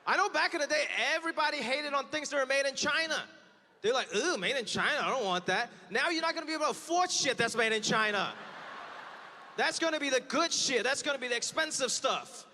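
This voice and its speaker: A man's voice: extremely high pitch, brisk, sharp tone. A man performing a stand-up comedy set on stage, acting out the voices of his parents and other people. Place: comedy stage before a live audience. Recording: live hall with long reverb, audience noise.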